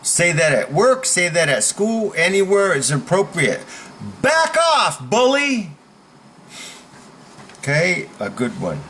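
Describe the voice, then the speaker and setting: A man coaching viewers at home on standing up for themselves, talking emphatically and demonstrating loud comebacks. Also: on the high side, sing-song, normal speed, few pauses, slight background noise. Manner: emphatic, demonstrative, switches into loud role-play shouts. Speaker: self-defense and confidence coach. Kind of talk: instructional video talk. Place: at home with his dogs nearby.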